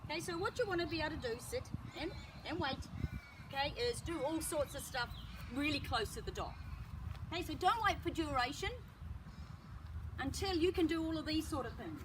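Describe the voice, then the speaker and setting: High-voiced woman dog trainer outdoors. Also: fairly quick. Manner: calm explaining, bursts of high praise to the dog. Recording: distant mic with loud outdoor noise.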